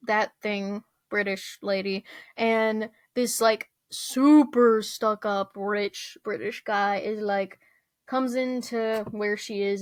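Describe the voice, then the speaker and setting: A woman's voice: medium pitch, no room sound. A young woman rambling through a casual rant, full of fillers, restarts and small laughs. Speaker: vlogger.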